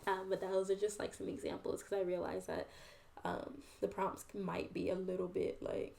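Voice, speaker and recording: A woman's voice: medium pitch, little pitch movement, moderate pace, vocal fry, warm tone. A woman hosting her own video channel, talking earnestly and reflectively straight to her viewers in a casual, chatty way. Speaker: host and poet. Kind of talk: casual vlog monologue to viewers.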